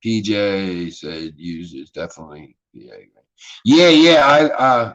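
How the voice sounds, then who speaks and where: A man's voice: lowish voice, sing-song, takes it slowly, a bit bright, lo-fi sound. A man with a Philadelphia accent hosting a casual livestream chat, rambling and swearing freely in a laid-back way. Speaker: livestream host.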